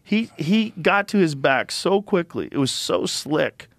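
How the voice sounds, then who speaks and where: Pria pembawa acara podcast yang mengobrol santai dan bersemangat, sering mengumpat saat menjelaskan sesuatu. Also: male voice, on the high side, a little slow, gravelly, no echo. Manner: animated, swears freely, explains with enthusiasm. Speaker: podcast host. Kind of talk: casual studio chat. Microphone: studio microphone.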